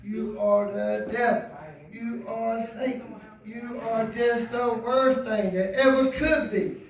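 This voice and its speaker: A woman's voice: medium pitch, flat delivery, normal speed, darkish tone, lightly acted. A man voicing a stern aunt who scolds a boy, heard in an echoey club from far off. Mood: accusing. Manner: accusing, scolding.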